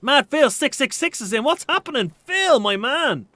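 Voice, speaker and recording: A man's voice: very high voice, very animated, moderate pace, bright, forceful tone, dry recording. Chatty Irish man streaming a game. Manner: rambling and chatty, with frequent restarts and laughs. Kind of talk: live game stream chat, reading out viewer comments.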